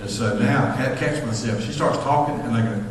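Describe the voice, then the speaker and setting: Fast-talking Southern pastor in echoey hall. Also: male voice, mid-range voice, slight background noise. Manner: fast-talking, storytelling with acted-out voices. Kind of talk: sermon. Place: church sanctuary. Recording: echoey hall, far from mic.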